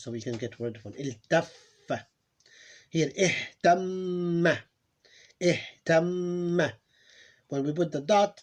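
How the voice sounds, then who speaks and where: A man who is losing his voice, teaching a pronunciation lesson. He talks haltingly, repeats words and drills sounds slowly, clearing his throat now and then. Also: mid-range voice, a little mellow. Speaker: Arabic teacher. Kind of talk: live online lesson.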